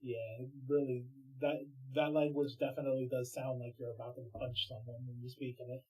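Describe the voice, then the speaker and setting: Laid-back joking guest in a chat, kinda husky middle voice. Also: medium pitch, level tone, a little fast, a little mellow, low-quality recording. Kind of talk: casual chat.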